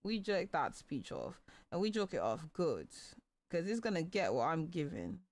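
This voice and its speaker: A woman's voice: fairly low pitch, sing-song, moderate pace, darkish tone. A playful young woman, chatting casually while gaming and singing along goofily. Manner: playful, sings along to songs, goofy. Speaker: streamer.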